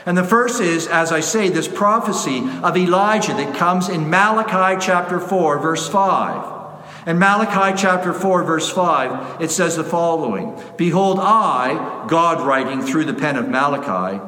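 A man preaches a sermon in a slightly higher voice than most men, measured and emphatic, leaning on repeated phrases. His words ring out into a roomy space with a long reverberating tail. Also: bright, forceful tone. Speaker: pastor. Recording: echoey hall.

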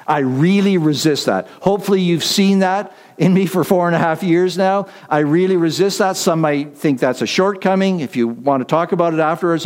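A man delivers a sermon from the pulpit, leaning on repetition and drawing out key lines for emphasis. His voice sits a little high for a man. The sound carries a long reverb from the hall around him. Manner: deliberate, repetitive emphasis with slowed key phrases; self-deprecating asides. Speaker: pastor.

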